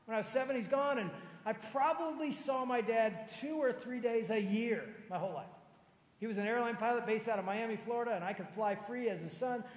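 A middle-aged man preaching a sermon, telling personal stories, moving from loud emphatic lines to soft low ones. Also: a little fast. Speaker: pastor. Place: large church sanctuary. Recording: roomy hall reverb.

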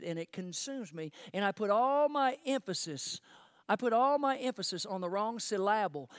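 A man preaching a sermon as pastor, swinging from shouted peaks to hushed, close asides. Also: high voice, dry recording. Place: church sanctuary.

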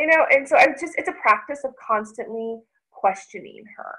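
A woman in her thirties presenting a parenting workshop in an informal way, often pausing to search for words and restarting her sentences. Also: on the high side, animated, fairly bright tone, low-quality recording.

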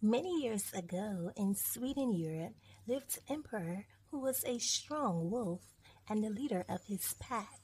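A woman reading a children's story aloud in a gentle storyteller manner. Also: medium pitch, animated, measured pace, breathy edge.

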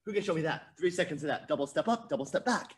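A man's voice: a little high, expressive, fast. A man teaching a virtual martial arts class to kids, coaching energetically and counting out drills. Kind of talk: virtual kids' class instruction.

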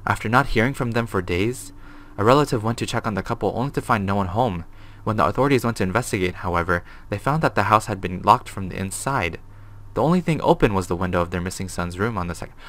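Young man, horror game commentary, reads the on-screen text aloud, jumpy and swearing, a little low, bright forceful tone. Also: expressive, quick pace. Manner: jumpy, swearing, nervous reactions. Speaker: gaming video host.

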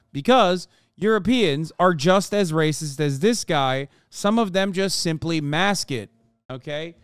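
A man's voice: on the high side, clear, resonant tone, dry recording, studio quality. A young man streamer giving a profane, emphatic reaction rant, often repeating himself. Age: young adult. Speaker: streamer and commentator.

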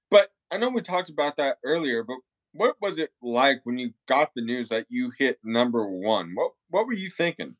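Playful animated male talk show host. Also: mid-range voice, normal speed. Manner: enthusiastic, playful. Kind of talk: casual live interview chat. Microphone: video call.

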